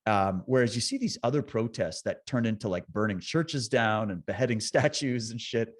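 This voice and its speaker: A man talking as a podcast guest, telling stories in an animated, swearing, fired-up way with quick impressions. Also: lowish voice. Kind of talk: casual conversation.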